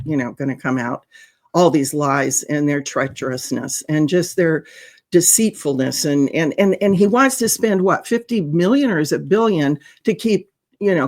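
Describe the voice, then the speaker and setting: A woman guest in a political talk show, talking in an animated, outraged way. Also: deep voice. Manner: animated, outraged, lots of restarts. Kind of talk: casual political chat.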